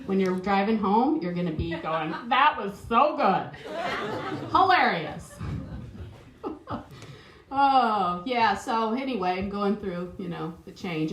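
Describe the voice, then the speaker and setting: A woman's voice: mid-range voice, animated, a little slow, fairly bright tone. A middle-aged woman with a New Zealand accent doing a chatty, self-mocking stand-up comedy set on stage, laughing at her own jokes. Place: stage at a live improv show. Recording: roomy live venue sound.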